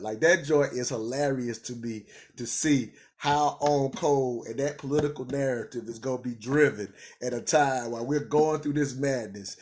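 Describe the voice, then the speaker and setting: A man hosting a casual commentary show, talking in an animated way, laughing and repeating words when he gets excited. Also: medium pitch, normal speed, few pauses. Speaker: commentary channel host.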